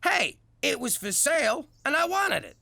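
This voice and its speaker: An actor voicing a blustery middle-aged former mob boss and father in an animated comedy, with a New York accent. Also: very high-pitched, normal speed, heavily acted. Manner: blustering, gravelly, soft with his daughter.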